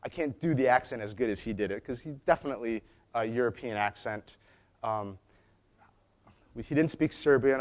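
A man preaching in a conversational way, telling stories with frequent restarts and asides. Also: medium pitch. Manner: chatty storytelling with frequent restarts. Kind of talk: conversational sermon.

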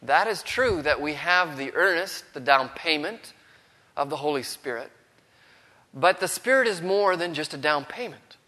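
Bright-voiced man preaching in a reverberant hall. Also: fairly high pitch, animated, a little slow. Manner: earnest, drops to a hush for quoted words. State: has a cold, throat strained. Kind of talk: sermon.

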